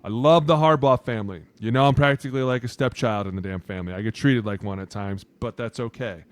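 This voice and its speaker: A brash male podcast co-host talking sports in a loose, casual way. He swears freely and slips into put-on voices to act out other people's words. His voice sits at an ordinary pitch for a man. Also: fast talker, clean tone, dry recording. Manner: loud, profane, acts out quotes in put-on voices.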